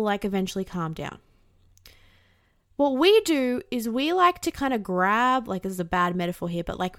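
A woman's voice: fairly high pitch, fairly bright tone, no room sound. Candid, swearing young woman, dry close sound. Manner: candid, swears casually, acts out inner voices. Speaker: self-help vlogger. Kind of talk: casual advice talk to camera.

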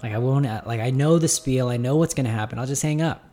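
Speaking to his viewers, a gym owner gives a reflective, casual monologue, calling them "guys" and often stumbling over and repeating words as he thinks aloud. He has a medium-pitched, dark-toned voice and talks fast.

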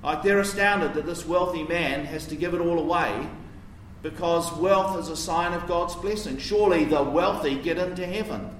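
Male preacher, slightly high voice, chatty teaching sermon, distant mic with faint room ambience. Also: moderate pace, fairly bright tone, roomy sound, slight background noise. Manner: conversational, explanatory, rhetorical questions.

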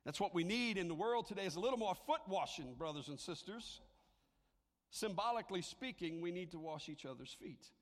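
A man preaching a sermon to a congregation, animated and conversational, sometimes dropping to a hushed, near-whispered delivery for emphasis. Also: high-pitched, brisk, long reverb tail. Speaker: pastor.

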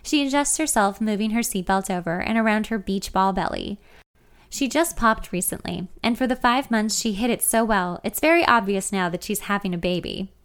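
A woman's voice: medium pitch, normal speed, clear, resonant tone. A young woman reading a first-person story aloud in a wry, conversational way. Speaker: narrator.

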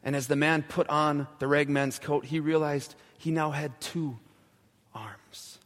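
A male pastor telling a story in a sermon, slowing down and dropping to a hushed voice at the key moments. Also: fairly high pitch, flat delivery. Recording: long church reverb.

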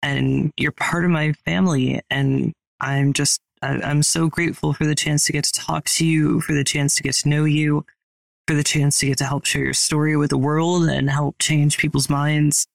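Sex: man. Role: interviewer. Style: supportive interview questions. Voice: gravelly, flat intonation. Sound: dry. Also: on the high side, dry recording. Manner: measured, carefully worded questions.

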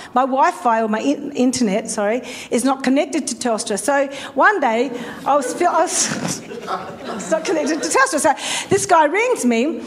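Animated high-voiced woman pastor. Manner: animated storyteller acting out phone calls. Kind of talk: storytelling sermon.

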